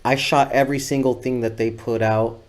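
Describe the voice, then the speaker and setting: A man telling stories as a podcast guest, laid-back and rambling, swearing freely and filling pauses with "uh" and "you know what I'm saying". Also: medium pitch, steady tone. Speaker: music video director, podcast guest. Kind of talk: casual storytelling interview.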